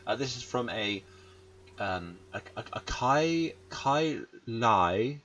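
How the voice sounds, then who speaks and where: A man's voice: medium pitch, animated, slow pace, a bit bright, low-quality recording. A man hosting a podcast in casual chat, rambling with lots of ums and jokey asides. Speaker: podcast host.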